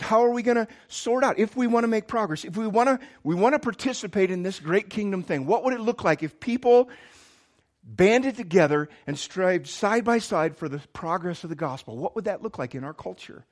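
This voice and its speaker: A man preaching a sermon as a pastor, earnest, swinging from emphatic lines to hushed, quiet ones. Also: sits high, lively intonation, brisk.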